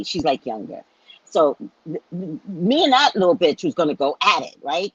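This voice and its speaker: A middle-aged woman tells a story straight to her viewers, chatty and full of asides. Her voice is husky and swoops widely up and down. The recording is dry and a little dull. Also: lowish voice, no echo. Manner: animated, chatty storyteller with frequent swearing and self-asides. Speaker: psychic reader and show host.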